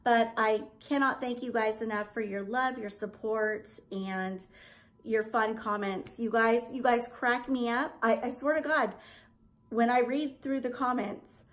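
Gushing chatty mom vlogger. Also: female voice, a little high, fairly even intonation, a little slow. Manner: gushing, rambling, effusive. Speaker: home decor vlogger. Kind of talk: casual chat to camera.

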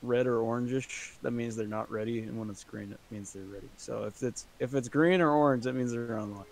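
A man's voice: mid-range voice, fairly quick, creaky, slight background noise. A man on a gaming voice chat, curious and chatty. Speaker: gamer on voice chat.

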